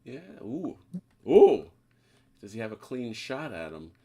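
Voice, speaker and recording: A man running a tabletop wargame as game master, relaxed and guiding players through the rules. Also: medium pitch, measured pace.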